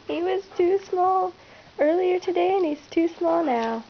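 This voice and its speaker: A young woman with an extremely high voice plays with her puppy at home and talks to it in a teasing, sing-song way while she films on a handheld camera. The sound is dull and a little muffled. A faint hiss sits under it, like an old home video. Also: expressive, unhurried. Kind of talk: casual talk to pets while filming. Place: indoors at home.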